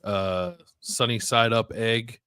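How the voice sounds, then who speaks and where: Low-voiced rambling man, casual podcast. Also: steady tone, takes it slowly, clear, resonant tone. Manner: rambling, heavy use of "like" and "uh", trails off softly. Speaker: podcast co-host. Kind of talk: casual chat.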